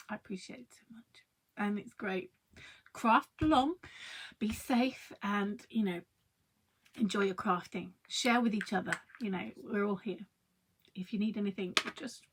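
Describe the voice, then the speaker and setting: A woman's voice: a little high, fairly bright tone, husky. A woman in her thirties chatting to viewers while she demonstrates a craft project live. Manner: chatty, friendly, talks to viewers and reads their comments.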